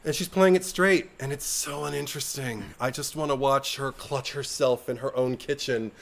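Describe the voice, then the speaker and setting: A man's voice: medium pitch, normal speed, creaky, fairly bright tone. A man on a podcast, chatting casually and acting out film lines in exaggerated voices. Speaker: podcast co-host. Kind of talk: casual chat.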